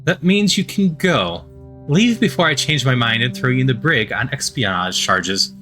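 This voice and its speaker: A man voicing a stern, domineering male colony governor who gives a booming speech. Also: expressive, moderate pace, music in the background, natural voice. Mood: curt.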